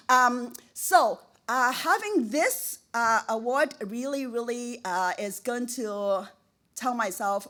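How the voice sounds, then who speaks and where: Middle-aged woman, higher voice, heartfelt self-mocking acceptance speech, stacks "really" for emphasis. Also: slow, pushed and bright. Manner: effusive, repeats words for emphasis; laughs at herself, emotional. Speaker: award recipient, professor.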